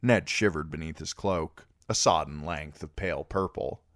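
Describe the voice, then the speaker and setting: A man narrating a novel as an amateur audiobook reader, expressive and animated. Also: extremely low pitch, moderate pace, hardly any pauses, no echo, clean studio sound. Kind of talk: storybook narration.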